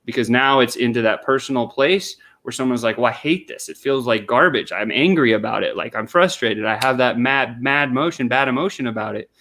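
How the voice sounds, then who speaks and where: A man's voice: mid-range voice, brisk, few pauses, bright, forceful tone. Man, middle-aged, mid-range voice, conversational, explains step by step. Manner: explains step by step, acts out sample questions and replies. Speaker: sales consultant guest. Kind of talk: conversational interview.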